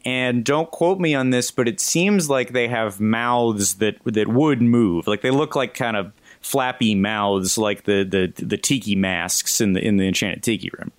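A man's voice: on the low side, a little slow, hardly any pauses, dry recording. Rambling, laughing man on a podcast. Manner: rambling, laughing, jokey asides. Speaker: podcast co-host. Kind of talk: casual comedic chat. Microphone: video call.

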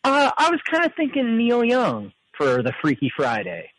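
A man's voice: very high-pitched, wildly swooping pitch, moderate pace, a bit bright, low-quality recording. A man calling in to a talk show, talking in a hesitant, stammering, easygoing way. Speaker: caller. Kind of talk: casual phone-in chat.

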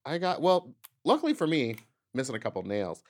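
A woman's voice: extremely low pitch, huge pitch swings, fairly quick, a little mellow. A woman from Texas, co-hosting a casual chat with crude jokes. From Katy, Texas. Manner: crude joking, swooping delivery. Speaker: podcast co-host.

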